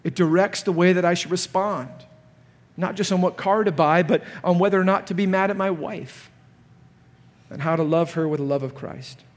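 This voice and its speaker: The large hall leaves a long echo hanging on every phrase as this pastor delivers his conference sermon at moderate speed. His voice sits high for a man, and he turns animated, loud, and sharp whenever he acts out someone he's quoting.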